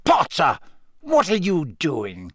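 A man's voice: a little high, wildly swooping pitch, takes it slowly, fairly bright tone, no room sound, studio quality, pitched above the performer's own voice, exaggerated voice. A man voicing a cold, irritable male potions teacher who mutters and snaps his words out short. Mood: curt snarling. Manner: muttering, snapping, clipped.

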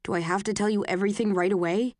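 A woman narrator voicing a guarded, blunt young man in an audiobook, keeping her voice low and restrained. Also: fairly even intonation, quick pace, a little mellow, no room sound, clean studio sound, natural voice. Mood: defensive.

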